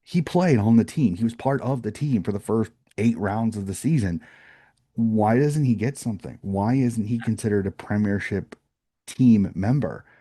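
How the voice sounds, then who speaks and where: A man's voice: fairly low pitch, moderate pace, warm tone, dry recording, clean studio sound. A man co-hosting a sports podcast, chatting casually and rambling through opinionated points with frequent restarts. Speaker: podcast co-host.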